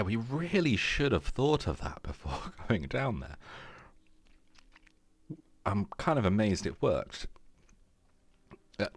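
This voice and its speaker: A man's voice: lowish voice, gravelly, dry recording. A man playing a tabletop game, chatty and jokey, asking the game master questions. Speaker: player. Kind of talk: casual chat at a tabletop game.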